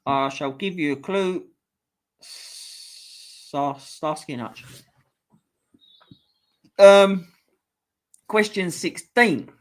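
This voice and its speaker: A man's voice: high voice, very slow, long pauses. A young man with a London accent hosting a casual live-stream quiz, swearing freely and chatting offhand between questions. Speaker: quiz host.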